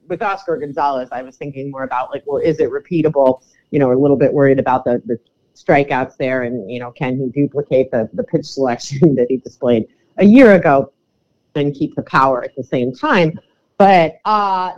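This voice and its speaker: Woman co-host, low-ish animated voice, casual sports chat, muffled lo-fi sound. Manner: chatty, laughs often, trails off mid-sentence. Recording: dull lo-fi audio.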